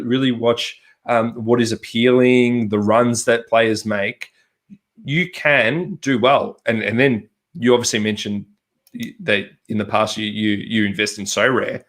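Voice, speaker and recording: A man's voice: mid-range voice, fairly even intonation, moderate pace, fairly bright tone. A man, co-hosting a casual podcast and pressing his points with repeated emphasis. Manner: emphatic, repeats himself for stress. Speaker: podcast co-host.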